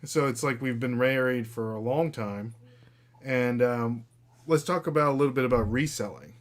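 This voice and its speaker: A man in his thirties hosts a casual live podcast, talking loosely and chattily with lots of fillers, reading out viewer comments and speaking to his dog. His voice is medium-pitched and moderately paced.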